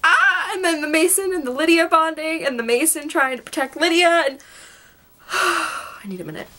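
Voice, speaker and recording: A young woman gushing excitedly about a TV show in a casual vlog. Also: very high-pitched, normal speed. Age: young adult. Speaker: guest vlogger.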